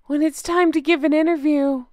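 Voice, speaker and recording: A woman's voice: high voice, steady tone, moderate pace, mellow, no echo, studio quality, pitched above the performer's own voice, natural voice. A woman mocking a fake-sad glamorous lady. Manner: sarcastic, mocking.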